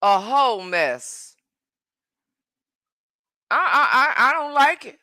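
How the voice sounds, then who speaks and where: A woman's voice: sits high, very animated, slow, sharp tone, dry recording, clean studio sound. A woman chatting emphatically on a phone livestream from home, repeating herself and answering commenters. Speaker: live streamer. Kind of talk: casual live-stream chat.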